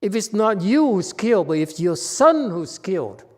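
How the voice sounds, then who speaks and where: A man with a Chinese accent giving a Buddhist Dharma talk, explaining ideas slowly and often checking with his listeners. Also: high voice, big pitch swings, darkish tone, in a large hall. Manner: slow, conversational teaching with frequent "okay?" checks. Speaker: Buddhist meditation teacher. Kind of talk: Dharma talk with audience questions.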